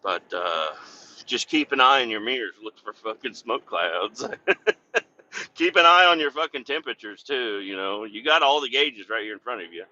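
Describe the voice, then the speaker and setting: A trucker man tells a rambling road story, swearing freely and laughing at his own jokes. His voice is piercingly bright and edgy. The recording sounds dull and lo-fi. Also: mid-range voice, lively intonation, normal speed. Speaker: truck driver and podcast host. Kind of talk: casual storytelling chat. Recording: dull lo-fi audio.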